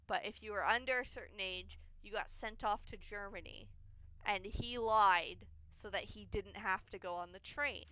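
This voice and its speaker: A woman's voice: medium pitch, pushed and bright, smooth, no room sound. A young woman streaming a video game, chatting in a rambling way with fillers. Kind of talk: casual chat while playing a video game.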